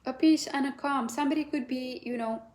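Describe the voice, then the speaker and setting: A woman's voice: high-pitched, steady tone, a little fast, darkish tone. A woman giving a tarot reading as a blunt, profane, impassioned rant, asking "right?" again and again. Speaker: tarot reader.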